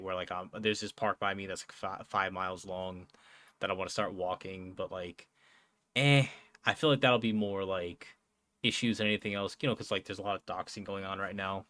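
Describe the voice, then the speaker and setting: A man's voice: sits low, bright, forceful tone. A young man chatting casually on a live stream, rambling with lots of fillers, swearing and frequent laughs. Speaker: streamer and podcast host.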